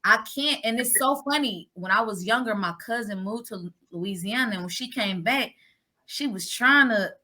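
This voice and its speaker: A woman, a guest actress, chatting casually on a podcast and telling stories in a lively, animated way. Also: a little high, normal speed, slight background noise.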